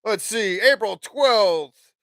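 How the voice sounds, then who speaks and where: A man's voice: high voice, lively intonation, takes it slowly, fairly bright tone, dry recording. A man hosting a casual podcast livestream, rambling and swearing freely as he acts out conversations. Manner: profane, rambling, acts out dialogue. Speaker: podcast host.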